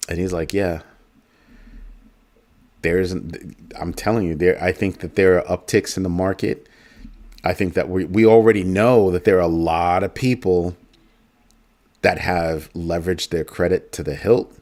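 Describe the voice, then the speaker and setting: A man's voice: low-pitched, fairly even intonation, normal speed, a little mellow. A man hosting a casual talk show, telling a story and mimicking a coworker with emphatic asides. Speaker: host. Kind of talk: casual chat.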